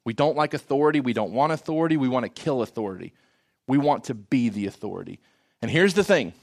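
A man's voice: medium pitch, lively intonation, quick pace, vocal fry. A man preaching a sermon in an earnest, emphatic way, often asking rhetorical questions.

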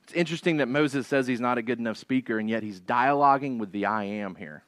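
A man's voice: medium pitch, fast talker, fairly bright tone, no echo. A male pastor preaching an expository sermon in a conversational way, often asking "right?" and repeating key phrases for emphasis.

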